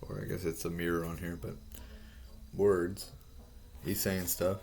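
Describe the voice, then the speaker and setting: A man explaining a drawing in a rambling, halting way, swearing often and restarting his sentences. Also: low voice, level tone, vocal fry, darkish tone, a little hiss or hum. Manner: profane, halting, full of restarts.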